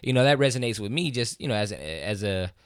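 A man's voice: lowish voice, fast talker, smooth, dry recording, studio quality. A man co-hosting a podcast, chatting casually and retelling stories with lots of fillers. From United States. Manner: conversational, animated when retelling stories, frequent fillers. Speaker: podcast co-host. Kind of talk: casual discussion.

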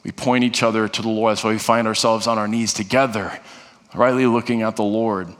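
A man's voice: on the low side, fairly even intonation, brisk. A male pastor preaching a sermon in an earnest way, often restarting and repeating phrases. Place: church sanctuary. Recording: long reverb of a large hall.

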